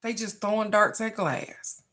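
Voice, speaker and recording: A woman's voice: mid-range voice, steady tone, measured pace, fairly bright tone. A woman hosting a casual live oracle card reading, talking straight to her viewers in an encouraging, motivational way. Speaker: oracle card reader, livestream host.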